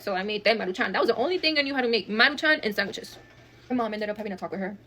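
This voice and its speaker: A woman rattles off a family drama at a quick clip, swearing freely and slipping Spanish phrases into her English. Her delivery is blunt and unfiltered, a storytime monologue. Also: medium pitch, expressive, pushed and bright.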